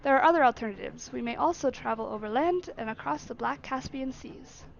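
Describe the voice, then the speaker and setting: Woman reading as a terse English gentleman. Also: high-pitched, brisk, gravelly, lo-fi sound, slight background noise. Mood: composed. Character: reserved English gentleman traveler, terse and calm. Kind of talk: reading game dialogue aloud.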